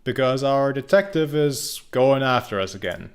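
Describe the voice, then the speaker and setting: A man's voice: mid-range voice, lively intonation, moderate pace. A young man casually commenting on his gameplay, rambling and joking, with frequent restarts. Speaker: game streamer.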